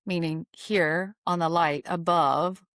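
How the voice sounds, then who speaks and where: A woman's voice: lowish voice, steady tone, slow pace, fairly bright tone, dry recording, clean studio sound. A woman hosting a podcast, talking earnestly through a reflective spiritual monologue, repeating phrases for emphasis with light laughs. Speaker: podcast host.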